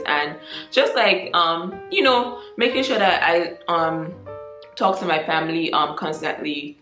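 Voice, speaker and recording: Nigerian woman, twenties, low-pitched voice, chatty vlog, echoey room, faint music behind. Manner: chatty, frequent ums, animated mock quotes. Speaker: vlogger. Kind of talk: casual chat to camera.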